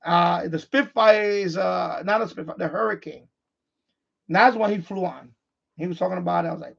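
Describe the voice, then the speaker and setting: Man, radio stream host, casual rambling chat, husky, muffled lo-fi sound. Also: high-pitched, moderate pace, fairly bright tone. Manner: repetitive, restarts sentences often. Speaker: livestream host, amateur radio operator.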